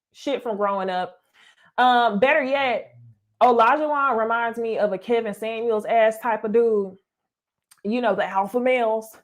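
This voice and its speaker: A young adult woman, giving a blunt, casual recap commentary, swearing and calling her viewers y'all. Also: medium pitch. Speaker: reality TV commentator.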